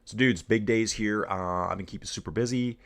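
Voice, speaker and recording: A middle-aged man with a low, deep voice, chatting his way through live bike race commentary. He talks with an easygoing, energetic buzz and keeps calling his viewers dudes and guys. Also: a little fast.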